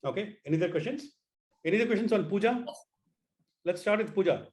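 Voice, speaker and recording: A man's voice: high-pitched, expressive, fast talker, darkish tone. Man teaching an online class. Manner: repeats words, asks students to try sounds.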